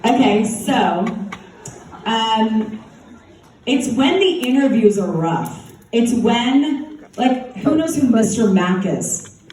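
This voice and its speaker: A woman's voice: on the high side, sing-song, slow, a little mellow, slight background noise. Chatty woman in an echoey hall. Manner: chatty, laughing anecdotes, many likes. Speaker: former TV talk show host. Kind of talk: festival Q&A storytelling. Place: large hall at a festival. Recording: echoey hall, distant mic.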